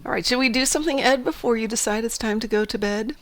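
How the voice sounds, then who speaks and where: A woman co-hosting a gaming livestream in casual chat, reacting in an animated, exclaiming way. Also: fairly high pitch, fast, no echo.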